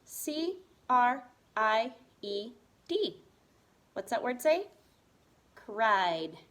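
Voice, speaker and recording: A woman's voice: fairly high pitch, very animated, drawn-out words, a bit bright. A woman teaching a reading lesson to first graders, spelling words letter by letter in a patient, encouraging way. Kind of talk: remote reading lesson for young children.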